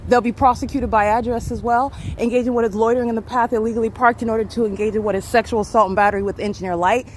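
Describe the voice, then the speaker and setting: On a handheld phone, a woman films outdoors on a street beside parked cars, keeping up an agitated, accusatory commentary and insistently repeating phrases. Her voice is high-pitched, and there's a faint hiss or hum. She's a vlogger filming in public.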